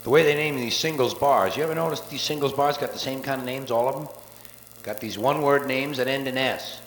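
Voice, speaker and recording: A man doing a live stand-up routine, profane and sardonic, with rapid-fire wordplay, on a theater stage before an audience. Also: medium pitch, fairly bright tone. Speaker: stand-up comedian. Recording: echoey live soundboard tape with faint hiss.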